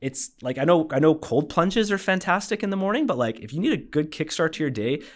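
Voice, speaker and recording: A man's voice: on the high side, very animated, a little fast. A man, a radiologist guest, telling stories in a casual podcast chat with lots of fillers and restarts. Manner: chatty storyteller, many fillers and restarts.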